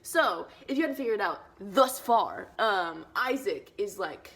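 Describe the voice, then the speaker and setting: A young woman vlogger retelling an old story in casual slang, excitable, and now and then dropping to a whispered aside. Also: medium pitch, unhurried. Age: young adult.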